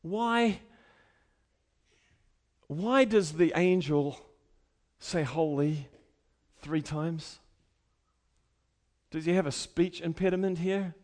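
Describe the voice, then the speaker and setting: A man delivering a sermon in a voice pitched a little high for a man. He talks to the congregation in a conversational way, full of rhetorical questions, then builds into loud, shouted emphasis before dropping back to a quiet tone. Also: drawn-out words, long pauses. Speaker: preacher.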